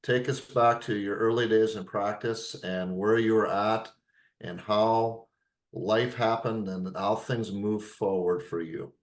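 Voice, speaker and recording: Man, podcast co-host, interviewing, low voice, roomy echo. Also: fairly even intonation, slow pace.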